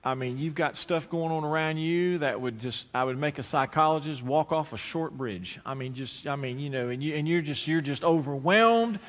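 A man's voice: fairly high pitch, moderate pace, hardly any pauses, a bit bright. A man preaching a sermon to his church, folksy and storytelling, acting out both sides of a conversation. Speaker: pastor. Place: church sanctuary. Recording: church hall with long reverb.

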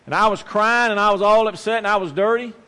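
High-voiced preacher in a reverberant hall. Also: male voice, fast, bright, forceful tone. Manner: emphatic, storytelling with acted quotes, repeats phrases. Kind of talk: sermon with personal story.

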